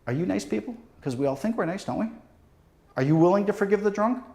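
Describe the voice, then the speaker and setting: A man's voice: sits high, lively intonation, fast, vocal fry. Echoey man telling a dramatic story. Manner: dramatic storytelling, speaks straight to the audience; pleading, drops to near hush at the end. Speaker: police deputy chief giving a safety talk. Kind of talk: motivational presentation to students. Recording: echoey hall.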